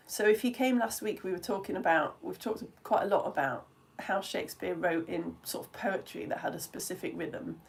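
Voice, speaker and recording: A young British woman teaching a live online lesson from home, chatty and quick to laugh, with many restarts. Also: mid-range voice, gravelly, darkish tone, slightly rough. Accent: British English.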